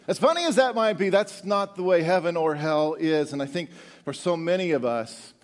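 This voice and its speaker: A middle-aged man preaching a sermon, animated and joking with the congregation, often repeating words as he goes. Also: fairly high pitch. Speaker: pastor.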